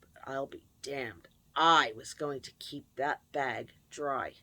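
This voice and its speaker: A woman's voice: extremely low pitch, slow pace, pushed and bright, no room sound. Woman opening up about her past, raw and reflective, dry close sound. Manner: candid, emotional, reflective. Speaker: channel host. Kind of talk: confessional personal storytelling.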